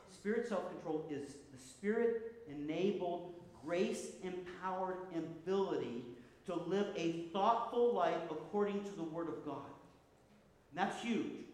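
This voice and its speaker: Animated male preacher in an echoey hall. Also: sits high. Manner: animated preaching with repeated restarts. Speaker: pastor. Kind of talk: sermon. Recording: echoey hall with long reverb.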